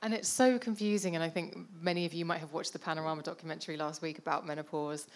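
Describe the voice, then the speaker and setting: Woman hosting a panel, lowish voice, enthusiastic and chatty. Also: fast. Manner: enthusiastic, animated storyteller. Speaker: moderator. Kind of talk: panel discussion.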